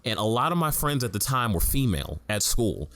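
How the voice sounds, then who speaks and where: A man's voice: fairly low pitch, sing-song, a little fast, fairly bright tone, dry recording. A young man co-hosting a casual podcast, talking frankly in a rambling way and often correcting himself mid-sentence. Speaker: podcast co-host.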